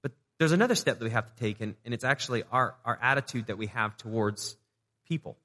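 A man's voice: medium pitch, fast, a bit bright, long reverb tail. A man preaching a sermon as a pastor, talking conversationally, asking the audience rhetorical questions and repeating words as he restarts.

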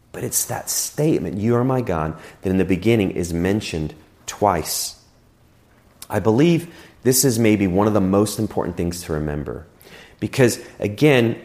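A man preaching a sermon in a church, earnest, swinging between rising emphasis and quiet, slow prayer lines. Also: on the low side. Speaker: pastor.

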